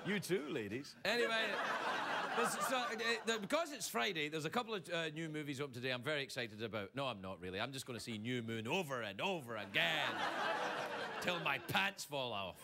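A man's voice: mid-range voice, fairly quick. A man delivering a late-night comedy monologue as talk show host, joking and slipping into put-on voices. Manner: animated joking with frequent laughs and put-on voices. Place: TV studio before a live audience. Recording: loud studio audience laughter and noise.

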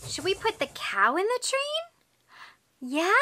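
A woman teaching toddlers in a slow, exaggerated sing-song voice, full of gasps, repeated words and encouragement. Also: very high voice, huge pitch swings, sharp tone. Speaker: children's teacher and host.

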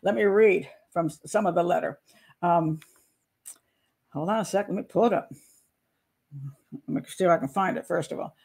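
A woman hosting a casual commentary show as a criminal profiler, rambling and self-deprecating, often pausing to search aloud for her notes. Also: lowish voice, gravelly, a little mellow, breathy edge.

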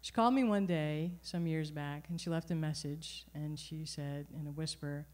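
A middle-aged woman telling a personal story live at a venue, animated and wry. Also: sits low, normal speed, few pauses. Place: performance venue.

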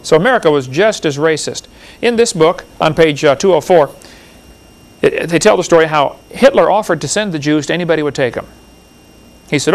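A man giving a classroom lecture, reading book passages aloud in an impassioned, rambling way with a gravelly voice. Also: on the high side, fairly quick.

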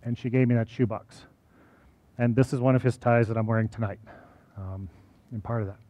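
A man's voice: medium pitch, steady tone, fairly quick, mellow, dry recording. Man giving a chatty college talk. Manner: conversational, often asks "right?". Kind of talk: personal talk to an audience.

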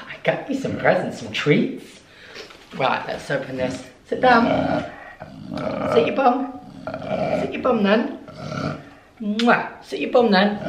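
A man's voice: high voice, very animated, unhurried, long pauses. A British man filming a home vlog, chatting to his dog in a sing-song baby-talk way from a camera set on a chair in his living room. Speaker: vlogger and dog owner. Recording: echoey room with background noise.

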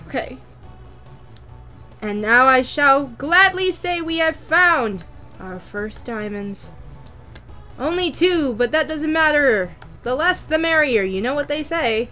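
A young woman with a bright, high voice gives unhurried, playful commentary on her video game. She talks to herself, taunts the game with jokes and breaks into sudden squeals. Soft game music plays behind her. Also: animated. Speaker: gaming YouTuber. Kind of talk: casual Minecraft commentary.

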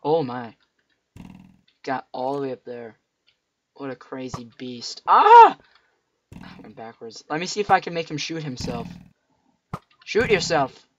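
A man's voice: mid-range voice, moderate pace, long pauses. A man hosting a video game playthrough, giving chatty commentary and yelping at enemies, with a cracking voice. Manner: chatty, jumpy, yelps at enemies. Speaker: let's play host. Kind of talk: gameplay commentary. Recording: muffled lo-fi mic.

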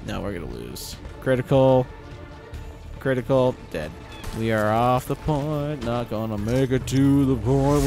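A man giving live gameplay commentary as a channel host, excitable, swearing and yelling at the game. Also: mid-range voice. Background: game music and sounds.

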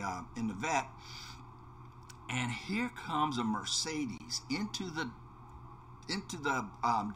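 A man's voice: mid-range voice, bright, forceful tone, a little hiss or hum. A man hosting a game video, telling a casual anecdote with many restarts, fillers and repeated words. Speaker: let's play host. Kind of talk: casual anecdote told while gaming.

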